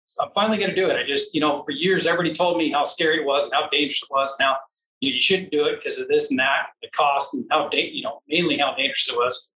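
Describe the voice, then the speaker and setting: A man's voice: mid-range voice, steady tone, fast talker, bright, forceful tone, reverberant, distant mic, rough recording. A man casually telling a story about off-road racing, rambling and searching for words, often acting out what others said. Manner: rambling, searches for words, acts out quoted dialogue. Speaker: off-road racer.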